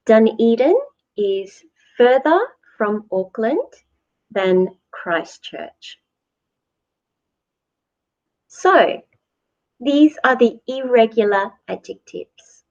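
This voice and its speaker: A woman teaching English grammar at a slow, deliberate pace, from New Zealand, repeating each word clearly for learners. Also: medium pitch. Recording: dull lo-fi recording.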